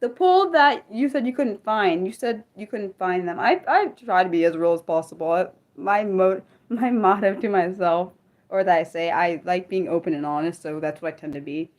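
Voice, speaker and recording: A woman's voice: fairly low pitch, moderate pace, darkish tone. A woman hosting an unscripted livestream, reading viewer chat and answering aloud in a rambling, restarting way, often asking her audience questions. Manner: rambling, thinks aloud, many restarts and fillers; talks directly to viewers and asks them questions.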